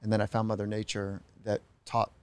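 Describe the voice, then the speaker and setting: A middle-aged man, a psychologist guest on a podcast, telling stories in a reflective, unhurried way. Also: on the low side, monotone, a little mellow, clean tone. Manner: reflective, unhurried, acts out quoted voices. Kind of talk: podcast interview storytelling.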